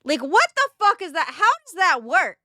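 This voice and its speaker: A woman's voice: extremely high pitch, big pitch swings, moderate pace, pushed and bright, no room sound, clean studio sound. A woman streamer reacting to a video in casual, profane chat, exasperated and often laughing.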